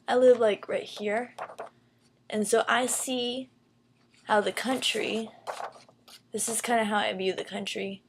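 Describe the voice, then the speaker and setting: Young Southern woman with a gravelly voice. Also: medium pitch, a little hiss or hum. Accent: Southern American. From Southern United States. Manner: rambling, many fillers and restarts; speaks slowly for a learner. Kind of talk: casual explanatory vlog.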